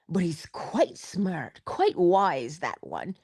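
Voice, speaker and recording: A middle-aged woman from Barbados, telling an inspirational story in an expressive way with drawn-out emphasis. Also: mid-range voice, no room sound, studio quality. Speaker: inspirational vlogger. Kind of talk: storytelling motivational talk.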